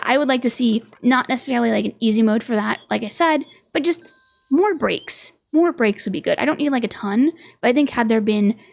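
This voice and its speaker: Young female streamer, bit high-pitched, gravelly fry, chatty and laughing, casual let's-play. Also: darkish tone. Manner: chatty, laughing often, reading game dialogue aloud.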